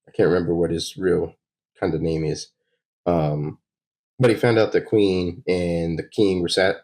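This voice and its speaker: A man with a very low voice chats his way through a comic, guessing aloud at what each panel shows. He tosses in little sound effects as he goes. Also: warm tone, rough recording. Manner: musing, adds sound effects. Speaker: host reading comics. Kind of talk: casual comic read-along.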